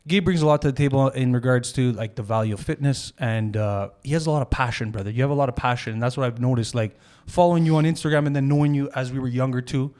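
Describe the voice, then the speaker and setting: A man's voice: mid-range voice, fast, few pauses, a little mellow. A young man hosting a casual podcast, upbeat and loose, swearing and using a lot of filler words. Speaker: podcast host.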